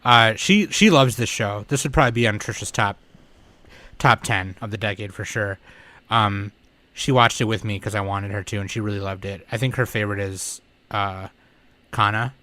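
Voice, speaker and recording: Low-voiced dude on a podcast, excitable, swears a lot, dry mic. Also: male voice, normal speed, no echo. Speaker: podcast host. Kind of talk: casual podcast chat.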